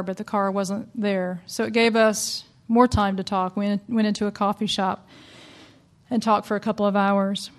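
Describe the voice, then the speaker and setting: A woman from the American South telling a personal story to an audience in a wry, conversational way. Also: medium pitch.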